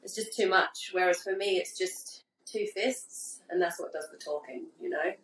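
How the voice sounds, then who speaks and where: A woman, a boxer guest in a relaxed chat, swearing and hesitating with ums. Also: fairly low pitch, normal speed, far from the mic, slight background noise. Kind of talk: casual chat. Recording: echoey room, off-mic.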